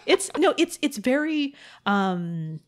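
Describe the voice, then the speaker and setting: A woman's voice: high voice, very animated, takes it slowly. A woman co-hosting a podcast in casual movie chat, rambling and acting out her own reactions. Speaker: podcast co-host.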